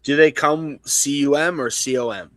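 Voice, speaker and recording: Teasing co-host with a dry close sound. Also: male voice, on the high side, normal speed, a bit bright, no room sound. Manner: crude, teasing, laughs often. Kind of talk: casual live-stream chat.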